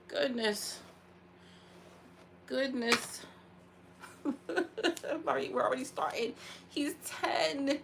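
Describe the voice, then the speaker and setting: Animated woman venting with a laugh. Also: drawn-out words, gravelly, pauses often, background noise. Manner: animated, laughing, venting, with sudden high exclamations. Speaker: vlogger. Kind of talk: casual chat to camera.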